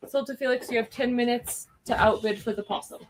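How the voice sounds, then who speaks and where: A woman hosting a live-streamed art auction, chatty and quick to laugh, calling bids and prices. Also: fairly high pitch, fairly even intonation, rough recording.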